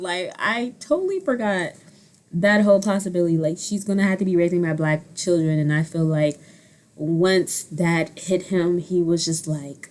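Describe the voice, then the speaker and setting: A young woman in her twenties riffing on a reality show straight into her own mic. She talks bluntly and swears freely. Her voice leaps from loud, animated bursts to soft, muttered asides. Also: on the low side, measured pace. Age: 20s. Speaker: vlogger. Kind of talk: casual reality show commentary. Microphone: own handheld mic.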